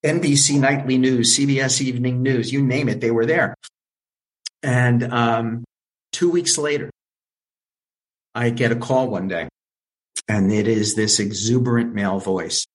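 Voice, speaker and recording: An older man recounts his career as an interview guest, lively and theatrical as he plays out the voices in his anecdotes. His voice sits at an ordinary middle pitch. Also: unhurried, pauses often, poor audio. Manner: animated storyteller who acts out quoted voices. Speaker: interview guest, film producer. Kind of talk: storytelling in an interview.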